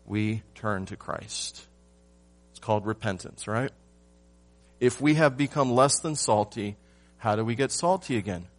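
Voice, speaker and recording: A man preaching a sermon to his church, asking rhetorical questions and swinging from loud emphasis to hushed lines. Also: lowish voice, animated, unhurried, long pauses, faint music behind. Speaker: pastor.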